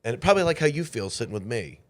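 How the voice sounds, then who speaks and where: A man's voice: medium pitch, very fast. A man hosting a podcast in casual chat, telling stories and acting out the lines people said. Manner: animated storyteller who acts out quoted lines. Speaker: podcast host.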